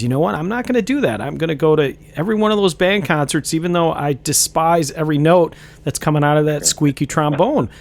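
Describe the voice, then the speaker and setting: A middle-aged man from upstate New York hosting a podcast interview, earnest and friendly, often stammering as he restarts his sentences. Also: a little high. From Brighton, Rochester, New York. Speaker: podcast host. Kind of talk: casual interview conversation.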